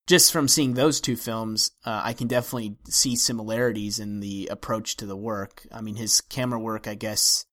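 A man's voice: on the low side, steady tone, moderate pace, few pauses, a bit bright. A man hosting a film podcast in casual discussion, talking in a wry, hesitant way with many restarts. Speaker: podcast host.

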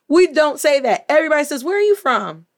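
A woman teaching Spanish in a casual video lesson, playful and sassy, switching between English and Spanish. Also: high voice.

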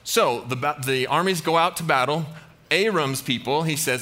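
A man's voice: a little high, moderate pace, sharp tone. A man preaching a casual sermon, retelling a Bible story playfully and slipping into goofy character voices.

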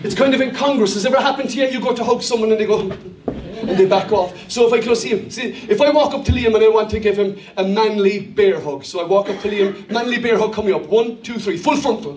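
An Irish man preaching a sermon as pastor to his congregation, in a jovial, joking manner. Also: sits high. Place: church hall. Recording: echoey hall, mic far off.

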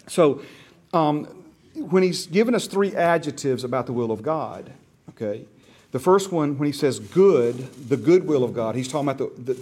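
A man's voice: mid-range voice, mellow. A man teaching a church discipleship class in a folksy, conversational way. He often checks in with his listeners and restarts his sentences. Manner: checks in often with "right?" and "okay?"; folksy, with frequent restarts and repeated words.

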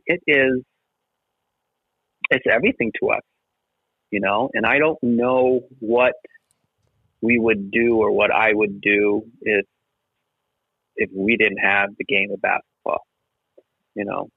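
A man's voice: lowish voice, vocal fry, husky, no room sound. A middle-aged basketball referee, a man, talking earnestly in a podcast interview and often asking "right?". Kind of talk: podcast interview, casual chat. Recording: tinny phone-line sound.

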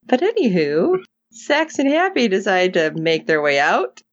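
A woman co-hosting a casual recap chat, animated and acting out characters' lines in put-on voices. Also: medium pitch, unhurried, no room sound, highs cut off. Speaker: podcast co-host.

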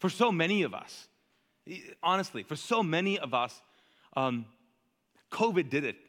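A male pastor preaching in a chatty, animated way, asking the congregation to fill in words. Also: fairly high pitch, moderate pace, big-room sound. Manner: conversational, animated, asks the crowd to fill in words. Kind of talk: sermon.

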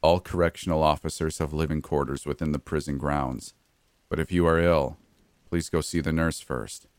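A man doing a monotone, emotionless prison guard. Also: very deep voice, moderate pace, no room sound. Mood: flat.

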